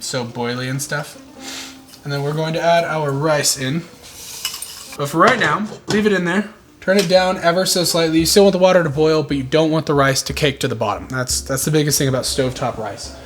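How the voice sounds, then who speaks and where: A man in his twenties hosting a casual cooking tutorial in his home kitchen, joking, swearing and poking fun at himself as he goes. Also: a little high. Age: 20s. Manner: joking, profane, self-mocking. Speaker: cooking vlog host.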